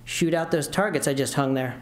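A man reading a story aloud, voicing a quiet, hesitant teenage boy in a roomy hall. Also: fairly high pitch, brisk, pitched below the performer's own voice, close to an everyday voice.

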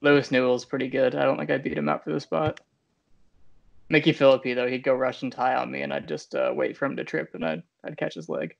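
A man's voice: mid-range voice, fast talker, creaky. A man co-hosting a casual podcast, chatting in an easygoing, dry way. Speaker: podcast co-host. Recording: dull lo-fi podcast mic.

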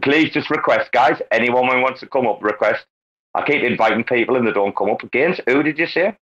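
A man hosting a crypto talk space, brash and excitable, swearing constantly in casual banter. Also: mid-range voice, brisk. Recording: lo-fi online call audio.

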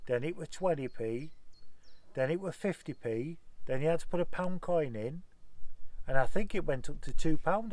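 A man's voice: medium pitch, a little mellow, no echo, rough recording. A man in his forties reminiscing in a chatty, rambling way, telling anecdotes with casual dialect grammar. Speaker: off-grid homestead vlogger.

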